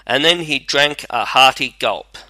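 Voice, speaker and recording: A man narrating a fairy tale in a measured, even reading. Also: mid-range voice, dry recording. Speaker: storyteller.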